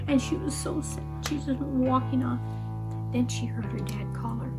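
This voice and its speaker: Expressive woman reading a children's story. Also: high-pitched, normal speed. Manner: expressive, exclamatory. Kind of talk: read-aloud children's story. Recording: guitar music behind.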